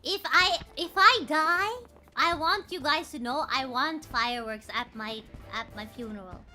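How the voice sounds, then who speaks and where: A woman streaming a video game, chatting casually with a very high, cutesy voice, excitable and playful, breaking into squeals and mock-dramatic lines. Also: a little slow. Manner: excitable, squeals and bursts of loud shouting. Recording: faint music behind the voice.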